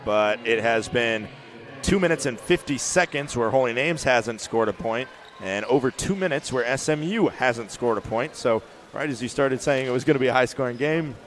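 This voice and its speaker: A man doing play-by-play commentary for a basketball game, rising to shouts on big plays, with faint court noise behind him. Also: medium pitch. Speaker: play-by-play announcer. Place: arena broadcast booth.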